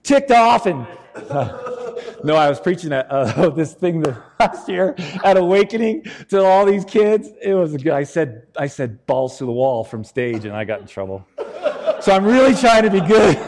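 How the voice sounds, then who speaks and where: A man preaching a sermon in an animated, joking, conversational way. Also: on the high side, normal speed, long reverb tail.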